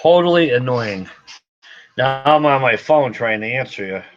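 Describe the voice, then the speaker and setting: Male livestream host, casual chat, repetitive exasperated muttering; mid pitch, muffled lo-fi recording. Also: animated, normal speed. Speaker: gun shop livestream host. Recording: slightly dull lo-fi sound.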